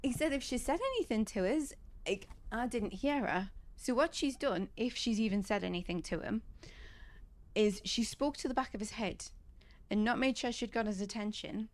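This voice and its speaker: A woman's voice: fairly high pitch, moderate pace. A woman chatting casually while playing a game, telling indignant stories about work. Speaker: gamer.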